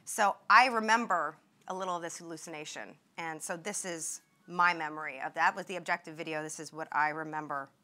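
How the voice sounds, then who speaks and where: Bright-voiced young woman reading her memoir. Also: low-pitched, brisk. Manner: narrates steadily, acting out quoted outbursts with rising intensity. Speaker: invited speaker at a medical grand rounds.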